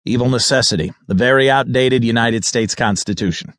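A man's voice: mid-range voice, a little fast, a bit bright, dry recording, studio quality, natural voice. An actor narrating an audiobook and voicing a smug middle-aged male governor with a prim, clipped, self-important manner. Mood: haughty.

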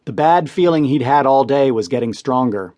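A man reading crime stories as an audiobook narrator, in steady, measured scripted narration. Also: mid-range voice, no room sound, dull audio.

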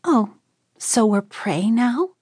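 A woman's voice: medium pitch, steady tone, moderate pace, a little mellow, slightly rough, no room sound, studio quality, close to an everyday voice. Woman voicing a feisty scheming girl camper. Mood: indignant.

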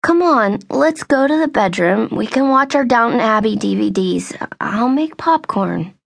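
A woman voicing a nervous teenage girl, coaxing softly and half whispering. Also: high-pitched, expressive, a little slow, gravelly, no room sound, studio quality, voice pushed up, heavily acted.

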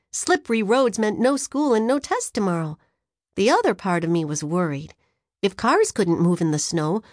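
A woman narrating a children's audiobook in an expressive storytelling manner, recorded on a studio microphone. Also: medium pitch, no echo.

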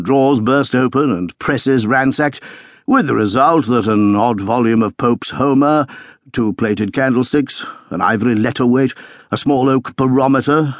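A man voicing a hearty older country colonel who talks in a brisk, genial, matter-of-fact way. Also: medium pitch, animated, dry recording, clean studio sound, voice pushed up, close to an everyday voice.

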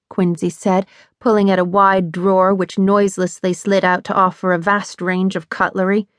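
A woman narrating a suspense novel with a measured, even delivery. Her voice sits at a middle pitch. It is recorded close in a dry studio with no room sound. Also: no echo. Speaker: audiobook narrator. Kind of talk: scripted narration.

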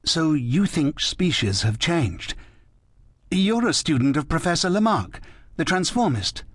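A man's voice: fairly high pitch, big pitch swings, unhurried, breathy edge, dry recording, clean studio sound, voice pushed up, full character voice. A male narrator voicing a timid, earnest young Englishman, speaking in a raised, eager, somewhat anxious way. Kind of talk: audiobook character reading.

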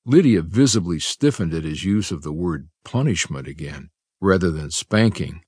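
A man narrating an audiobook in a measured, even storytelling manner on a studio microphone. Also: low-pitched, husky, dry recording. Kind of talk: scripted narration.

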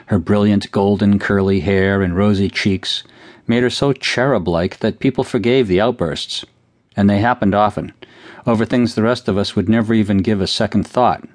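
A man's voice: lowish voice, steady tone, moderate pace, no room sound. A man, the author himself, narrating a childhood memory as an audiobook with dry, wry storytelling. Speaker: author narrating his own book.

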